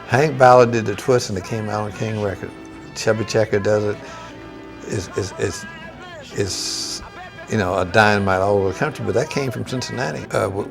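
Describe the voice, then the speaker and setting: A man talking in an interview, halting and emphatic, with many fillers as he makes his point. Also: lowish voice, creaky. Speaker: interviewee, musician. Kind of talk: reflective interview talk.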